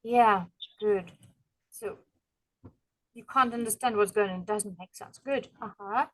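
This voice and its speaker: A woman with a Russian accent, a native Russian speaker, teaching an English lesson online. She encourages her students and repeats phrases slowly to model pronunciation. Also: medium pitch, a bit bright.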